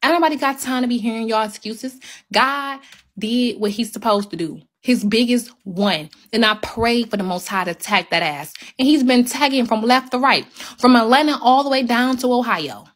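A woman with a fairly high voice, speaking heatedly to her viewers on a phone livestream. She is emphatic and drives each point home by repeating it. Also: moderate pace.

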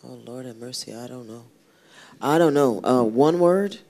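A woman's voice: very deep voice, moderate pace, warm tone. A woman singer, a guest on an interview show, talking casually and telling a rambling story with many restarts. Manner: chatty, rambling storyteller who restarts often.

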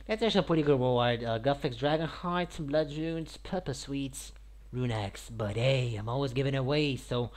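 A man talks his way through a game session in a loose, rambling stream of chatter. He says "like" and "mate" constantly and breaks into loud, high shouts before dropping back to a mumble. His voice sits at an ordinary middle pitch. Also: normal speed. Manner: says "like", "mate" and "I guess" often. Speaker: gaming YouTuber. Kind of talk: casual gameplay commentary.

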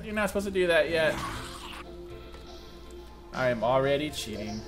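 A young man commenting casually as he plays a video game, excitable and self-mocking, with sudden loud outbursts. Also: mid-range voice, normal speed, pauses often. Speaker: gaming channel host. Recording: faint music behind the voice.

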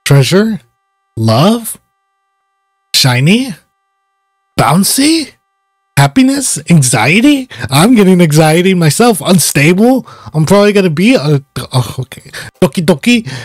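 A man's voice: on the high side, sing-song, takes it slowly, dry recording, studio quality. Laid-back man swearing through game commentary. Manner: swears and laughs, reads game dialogue aloud. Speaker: gaming channel host. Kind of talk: casual let's-play commentary.

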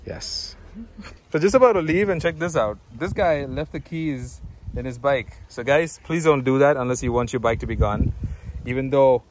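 A man's voice: medium pitch, normal speed, a little hiss or hum. A man chatting as a travel vlogger outdoors, telling stories and laughing often. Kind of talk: casual travel vlog chat. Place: outdoors, on the road.

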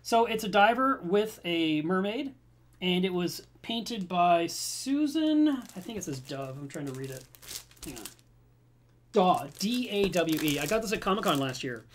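A man hosting a home livestream about reef aquariums, chatting casually to his webcam and telling stories in an animated way. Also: high-pitched, moderate pace, a little hiss or hum. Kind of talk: casual livestream chat, reading viewer comments.

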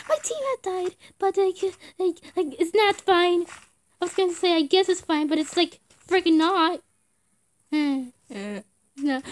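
A young woman voices her own game as she plays, in casual gameplay commentary. Her voice sits very high and she speaks slowly. She talks in short outbursts and often screams and laughs. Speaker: gamer.

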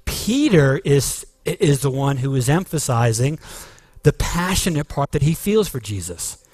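Male pastor preaching a sermon, slow and deliberate delivery, earnest emphasis, dry close sound. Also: mid-range voice, big pitch swings, darkish tone, dry recording.

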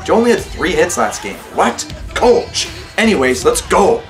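A young man with a fairly high voice gives let's-play commentary on his gaming channel. He swings his pitch wide and sounds sarcastic, often griping at a coach in the game, while soft music runs behind him. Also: big pitch swings, moderate pace, echoey room.

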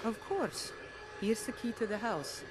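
An actress playing a calm, practical village woman in a fantasy video game, speaking matter-of-factly. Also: on the high side, unhurried, a crowd in the background. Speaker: game character.

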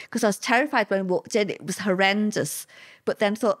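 A middle-aged woman shares a personal story as an interview guest, talking in a chatty, conversational way, repeating words and doing lively voices for the people she quotes. Her voice is mid-range and her pace brisk.

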